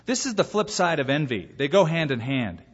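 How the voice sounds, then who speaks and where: A male pastor delivers a sermon with a husky, fairly high voice that swings widely in pitch. He acts out short bits of dialogue as he preaches. The recording is muffled, and his voice carries a long hall reverb. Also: a little fast. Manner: lively preaching, acting out dialogue. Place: church sanctuary.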